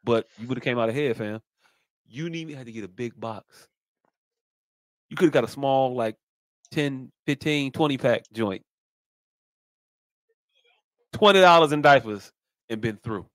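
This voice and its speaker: A man's voice: medium pitch, a little slow, pauses often, no room sound. A man co-hosting a casual podcast, reading out a text thread and giving his blunt, slangy, profane opinion. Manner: animated storytelling, profane, slangy. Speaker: podcast co-host. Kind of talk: casual podcast chat, reading texts aloud.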